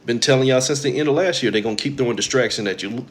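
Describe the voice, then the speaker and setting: A man's voice: medium pitch, very fast. Blunt, profane man preaching spirituality. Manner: blunt, profane and preachy, mimicking others in quoted asides. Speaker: spiritual talk host. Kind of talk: casual spiritual monologue.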